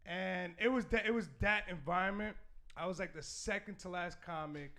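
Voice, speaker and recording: A man, a stand-up comedian, telling stories in a casual, animated podcast chat. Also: high-pitched, moderate pace. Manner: animated, laughing storyteller. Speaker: comedian guest.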